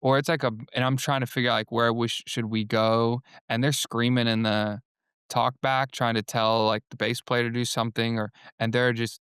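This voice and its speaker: A man's voice: mid-range voice, little pitch movement, normal speed, fairly bright tone, clear, resonant tone, dry recording, clean studio sound. A man, a guest singer and worship leader, talking in a loose, rambling way full of fillers and quoted asides. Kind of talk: casual podcast conversation.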